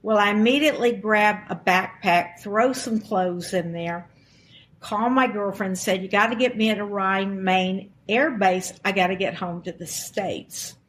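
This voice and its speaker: Older woman telling a lively story. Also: mid-range voice, a little slow, a little hiss or hum. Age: 60s. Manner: animated, acts out quoted dialogue. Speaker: guest. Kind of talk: personal storytelling.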